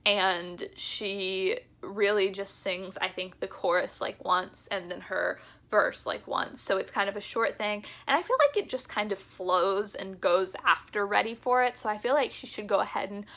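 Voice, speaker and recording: A young woman vlogging in a casual, enthusiastic chat to camera, talking fast and laughing often. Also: medium pitch, bright, forceful tone. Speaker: music vlogger.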